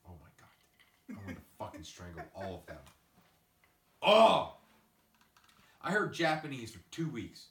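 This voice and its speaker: Male podcast host, deep-ish voice, profane ranter, roomy off-mic sound. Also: fairly quick, distant mic. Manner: ranting, profane, animated storytelling. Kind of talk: casual podcast chat. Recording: echoey room, away from the mic.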